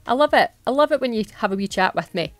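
A woman's voice: on the high side, expressive, fast talker, dry recording, soft background music. A Scottish woman chatting through a nail art tutorial in a casual, giggly, self-deprecating way.

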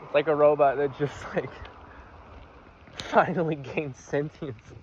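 A man's voice: fairly high pitch, steady tone, unhurried, a little mellow. A young man vlogging as he walks outdoors, rambling in a casual way and often stifling his laughter. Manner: meandering, giggly, stifles laughs. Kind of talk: rambling casual vlog while walking. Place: outdoors, walking. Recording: dull lo-fi with outdoor noise.

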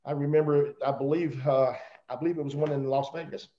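Southern guy rambling and joking, kinda highish voice, mellow, echoey dull zoom audio. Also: fairly even intonation, a little fast. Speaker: guest speaker on a company call. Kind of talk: casual motivational talk. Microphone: video call. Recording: roomy, dull video call audio.

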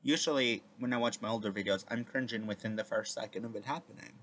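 A man's voice: lowish voice, fast talker, fairly bright tone. Rambling man in a casual vlog chat. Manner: rambling with many fillers. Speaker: video creator.

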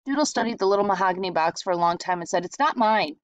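A woman reading a short story aloud in a steady, reflective storytelling manner. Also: fairly low pitch, very fast, dry recording. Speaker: reader. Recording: dull lo-fi sound.

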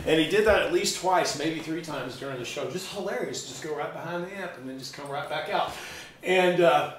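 A middle-aged man telling stories in a loose, animated way, swearing freely, in a casual chat. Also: on the high side, brisk, reverberant, recorded from a distance, slight background noise. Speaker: guest musician.

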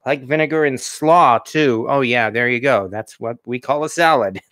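A man's voice: medium pitch, normal speed, a bit bright, no room sound. A man hosting a casual cooking livestream, chatting and chuckling as he tastes his dish and answers viewer comments. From New England, USA. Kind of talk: casual live-stream chat while tasting food.

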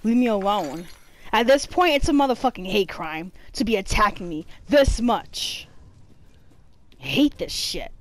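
A woman giving profane, panicky commentary while playing a horror game, swinging between screaming and low muttering. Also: expressive, a little slow, no room sound. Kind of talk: let's play commentary.

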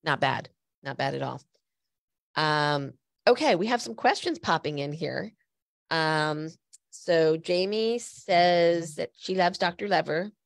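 Stuffy woman host w a cold, gravelly low voice, chatty storytelling. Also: animated, slow pace, dry recording. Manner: chatty storyteller, direct appeals to listeners. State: has a cold, a little stuffy. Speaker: podcast host. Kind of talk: conversational podcast talk.

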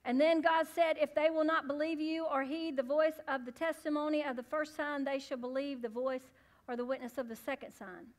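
A woman pastor preaching a sermon in church, calling out to the congregation and rising to loud, fervent peaks. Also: sits high, fairly even intonation, fairly quick. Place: church sanctuary.

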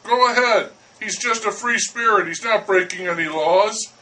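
Man playing a smug condescending poet, bright voice, recorded from a distance. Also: sits high, normal speed. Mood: patronizing. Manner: smooth, patronizing, persuasive. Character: languid condescending male poet.

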